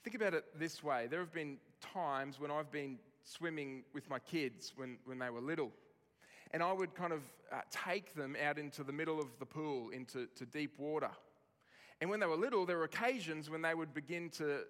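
A man preaching a sermon with a fairly high voice, expressive and varied. He drops soft on tender lines and lifts his voice to stress a point. A long hall reverb trails behind his words. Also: moderate pace. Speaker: pastor.

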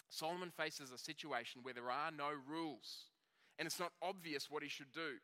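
A man preaching a sermon, telling the story in a conversational way and slowing down on key words. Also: a little high, pushed and bright, clean tone. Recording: long reverb of a hall.

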